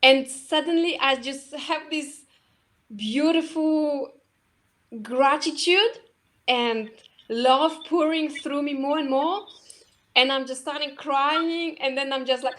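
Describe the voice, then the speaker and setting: A woman with a high voice speaks slowly and gently in a casual conversation about spiritual experience. She often stops and restarts her sentences. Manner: soft, halting, many restarts and laughs. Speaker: co-host.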